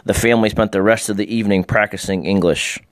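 A man reading a children's book aloud in a calm, gentle storytelling manner. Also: on the low side, fast talker, dry recording, clean studio sound.

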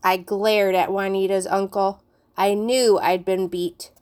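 An adult woman reading a children's chapter book aloud, narrating clearly and expressively. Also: mid-range voice, level tone, slow, a little mellow. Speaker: storybook reader.

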